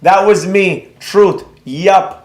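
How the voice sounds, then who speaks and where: A man's voice: high-pitched, drawn-out words, a little mellow, reverberant. A man hosting a trading livestream, talking bluntly and brashly with some swearing while he reads out the chat. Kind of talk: live-stream rant, reading chat aloud.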